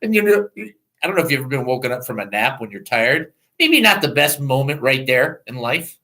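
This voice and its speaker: Animated, bright-voiced male radio host. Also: medium pitch, brisk, low-quality recording. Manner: animated, laughing, joking asides. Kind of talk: Christian call-in radio talk.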